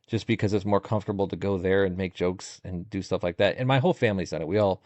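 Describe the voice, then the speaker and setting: Low-voiced man telling jokey stories. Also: fast, no room sound. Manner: jokey, animated storytelling with bursts of higher pitch. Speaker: podcast guest, content creator. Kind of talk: casual interview chat.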